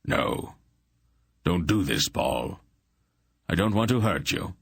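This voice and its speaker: A man's voice: sits low, big pitch swings, takes it slowly, gravelly, fairly bright tone, breathy edge, no room sound, studio quality, full character voice. A pleading sorceress, as a male reader puts her on. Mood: anguished pleading. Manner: pleading, anguished. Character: desperate young sorceress woman, grieving.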